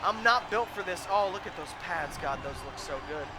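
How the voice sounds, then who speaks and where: High-pitched man yelling at a hockey game. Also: lively intonation, moderate pace, noisy background. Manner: frantic, pleading with players, yelling at the game. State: voice going hoarse. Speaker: gamer commentating his own play. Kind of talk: excited let's-play commentary.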